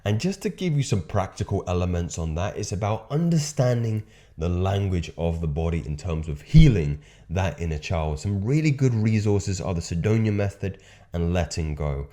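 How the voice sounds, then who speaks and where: A man's voice: low voice, animated, moderate pace, dark tone. A young man talking as a self-improvement coach, earnest and emphatic, swearing casually as he speaks. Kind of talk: motivational monologue.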